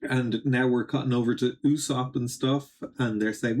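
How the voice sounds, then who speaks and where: A young man streaming a live reaction, reading a comic aloud and reading its dialogue in his plain voice, in a casual, halting way. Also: mid-range voice, fairly even intonation, darkish tone.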